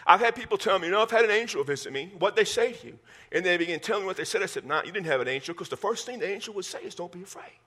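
Bright-voiced pastor in his fifties. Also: high voice, animated, racing. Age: 50s. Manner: folksy, repeats words when restarting, jokes with the congregation. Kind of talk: sermon.

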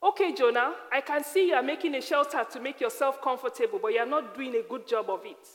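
A woman voicing God, calm and patient. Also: high voice, fast, close to an everyday voice. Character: patient God speaking to a prophet. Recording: long hall reverb.

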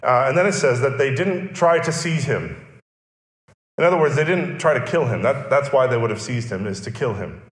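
A man's voice: medium pitch, lively intonation, moderate pace. A male pastor preaching a sermon, explaining and repeating key phrases for emphasis. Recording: echoey church hall.

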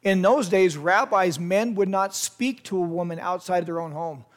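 High-voiced man telling a sermon story. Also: normal speed. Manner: vivid retelling, speaks straight to listeners. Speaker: youth pastor. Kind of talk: storytelling sermon to a youth group.

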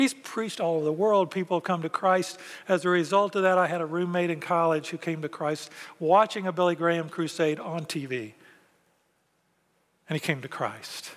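High bright-voiced guy preaching in a church, chatty, acts out what people think, big hall echo. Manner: conversational, acts out quoted thoughts. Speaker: pastor. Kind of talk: sermon. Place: church sanctuary.

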